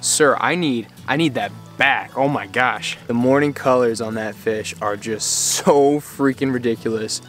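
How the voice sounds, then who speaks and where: A man's voice: mid-range voice, measured pace, hardly any pauses, faint music behind. A man, exclaiming and laughing as he narrates his fly fishing outdoors by a creek. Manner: excitable, exclaiming, laughing often. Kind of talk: excited outdoor vlog commentary.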